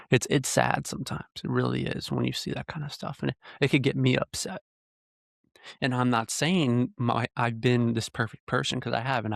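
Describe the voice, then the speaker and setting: A man's voice: mid-range voice, creaky, dry recording. A man hosting his own podcast, delivering an earnest, heated monologue full of rhetorical questions into a close microphone. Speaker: podcast host. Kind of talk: ranting solo podcast monologue. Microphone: podcast mic close up.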